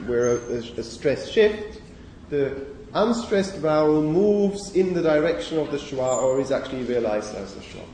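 A man's voice: medium pitch, dark tone, a little hiss or hum. A man giving a university lecture on phonology, speaking conversationally, putting questions to the class and checking in with "okay?". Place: lecture hall. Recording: echoey lecture hall, mic at a distance.

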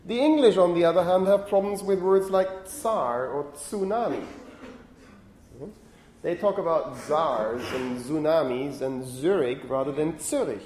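Lively man giving a phonetics lecture. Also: sits high, slight background noise. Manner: lively, often asks the class questions. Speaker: university lecturer. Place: lecture hall. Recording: echoey lecture hall.

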